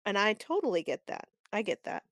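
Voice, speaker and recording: A chatty woman talking through a TV episode with a co-host, animated and quick to act out lines. Her voice sits at a middling pitch and is recorded very dry and close. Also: dry recording. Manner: chatty and animated, acts out quoted lines, openly annoyed. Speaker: podcast co-host recapping a TV episode. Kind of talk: casual chat.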